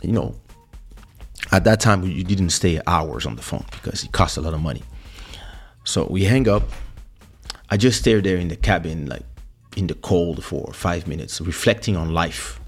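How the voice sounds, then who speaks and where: A man hosting a podcast, telling a personal story in an animated way, with many restarts and acted quotes. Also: low-pitched, normal speed, vocal fry, pauses often, slightly rough, faint music behind. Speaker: podcast host. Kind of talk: storytelling monologue.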